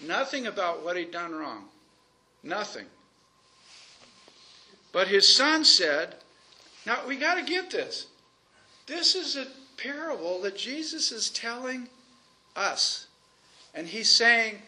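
Guy preaching a sermon, high bright voice, chatty, keeps asking the room questions. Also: sing-song. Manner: conversational, asks the congregation questions; stretches out key phrases slowly for emphasis.

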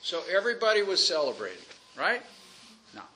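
Male preacher, high-pitched, talks to the congregation like a conversation and draws out key lines slowly. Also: very animated, bright, forceful tone, slight background noise. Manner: conversational, asks the congregation questions; stretches out key phrases slowly for emphasis. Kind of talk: sermon.

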